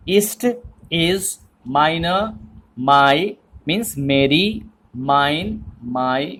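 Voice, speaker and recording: A man teaching a German lesson in English, explaining slowly and repeating himself with frequent "okay"s. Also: on the high side, fairly bright tone, low-quality recording. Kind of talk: language lesson.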